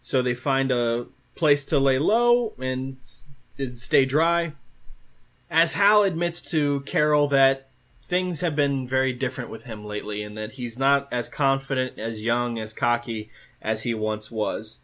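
A man's voice: mid-range voice, unhurried, fairly bright tone. A man hosting a podcast, retelling a comic book story in a loose, casual way. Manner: loose retelling with fillers and restarts. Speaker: podcast host.

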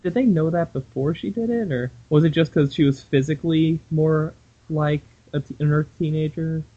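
A man's voice: fairly high pitch, normal speed, mellow, dull audio. A man co-hosting a casual comic book podcast, joking and laughing often as he talks. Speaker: podcast co-host.

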